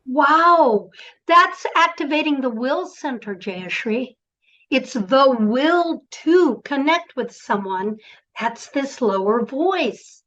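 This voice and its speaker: A woman's voice: high voice, lively intonation, slow, fairly bright tone, lo-fi sound. A woman coaching presenters in an online workshop, encouraging and directive, speaking over a video call.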